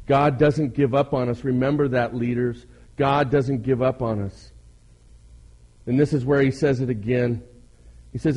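A man's voice: mid-range voice, fairly even intonation, moderate pace, darkish tone, rough recording. A male pastor preaching a sermon, asking his listeners questions and pressing his points with emphasis.

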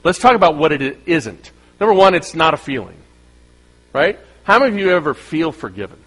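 A man preaching to his congregation, his voice sitting a little higher than most men's. He keeps asking the room rhetorical questions and slips into the voices of imagined listeners, with animated rises and drops in emphasis. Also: a little fast, slightly rough, low-quality recording. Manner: acts out quoted voices of listeners. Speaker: pastor. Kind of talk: sermon.

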